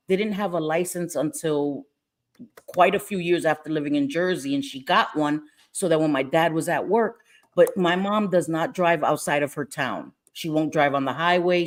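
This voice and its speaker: A woman with a New York accent hosting a casual livestream chat, animated and quick to laugh, reading out viewer comments. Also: low voice. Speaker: livestream host.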